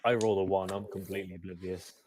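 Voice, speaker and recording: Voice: sits low, steady tone, fast, crowd noise. A player chatting and explaining casually in an online tabletop game.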